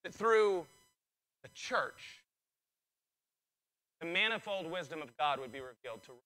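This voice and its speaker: A male pastor preaching a sermon, excitable and building in intensity, his voice strained from preaching. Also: on the high side, measured pace, low-quality recording.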